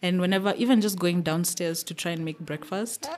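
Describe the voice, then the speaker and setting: A woman's voice: on the low side, a little fast. Woman telling a story with laughter. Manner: animated, laughing often. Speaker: podcast guest. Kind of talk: casual storytelling.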